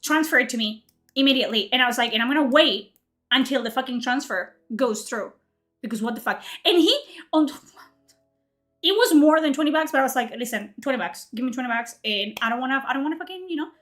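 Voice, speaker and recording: A woman's voice: sits high, fast talker, soft background music. A woman in her late twenties telling a story as a heated, profane rant, acting out both sides of an argument. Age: late 20s. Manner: heated, profane, animated retelling. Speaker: streamer.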